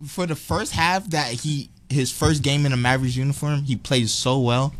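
A speaker in casual chat, animated and slangy. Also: medium pitch, normal speed. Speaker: panelist.

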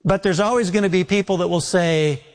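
A man preaching a sermon as a pastor, telling folksy stories and slowing down on key words for emphasis. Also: sits high. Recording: long reverb of a large hall.

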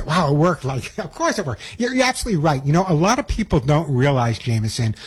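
A man's voice: a little high, breathy edge. A middle-aged man with a New York accent hosting a call-in pet radio show, chatty and upbeat, rambling with restarts.

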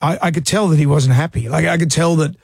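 A man's voice: fairly high pitch, quick pace, vocal fry, darkish tone, husky, no echo, studio quality. A male radio co-host who talks in an easygoing, supportive way and mixes in light jokes. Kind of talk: casual radio chat.

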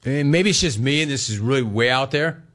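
A middle-aged man hosting a call-in sports radio show, talking in a brash, joking, animated way. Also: medium pitch, brisk.

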